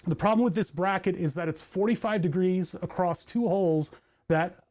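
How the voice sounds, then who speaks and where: A man's voice: sits high, normal speed, a little mellow. A man chatting casually in his home workshop as he works out a build, thinking aloud with joking asides. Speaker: hobbyist maker.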